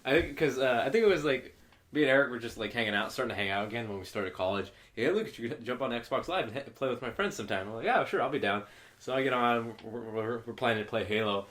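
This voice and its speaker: A young man from California, co-hosting a podcast, telling excited gaming stories with lots of restarts. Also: mid-range voice, fast talker. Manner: excited storyteller, swearing, many restarts. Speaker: podcast co-host. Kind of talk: casual chat.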